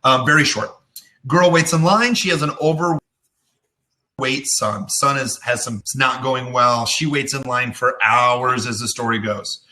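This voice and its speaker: A middle-aged man hosting a business web show, teaching in a casual way and telling anecdotes with lively acted-out voices. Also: mid-range voice, unhurried. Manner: animated storytelling, acts out voices in anecdotes.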